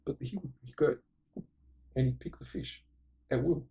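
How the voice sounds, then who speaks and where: Man retelling a movie, mellow tone, rambling and profane, drops his train of thought. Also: mid-range voice, fairly even intonation, creaky, slightly rough, lo-fi sound. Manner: acts out the characters' lines in quick impressions. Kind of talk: casual retelling of a film plot.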